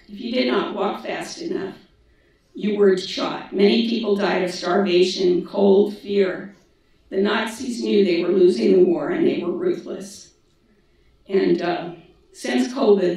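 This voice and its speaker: A woman's voice: medium pitch, darkish tone. A woman gives a public presentation in a conversational way, with asides and restarts. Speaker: guest speaker, daughter of a survivor. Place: large lecture hall. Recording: echoey hall from far off.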